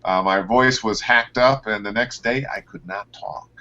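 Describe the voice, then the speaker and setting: A man, a voice actor, telling stories from his career in a casual interview over a video call, his pitch leaping up and down as he talks. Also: normal speed, dull audio. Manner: animated storyteller, pitch leaps up and down. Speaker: voice actor guest.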